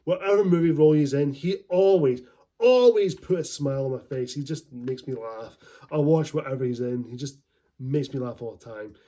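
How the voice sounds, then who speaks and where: A man's voice: mid-range voice, moderate pace, mellow. A man giving a casual movie review, rambling and enthusiastic and laughing often as he talks.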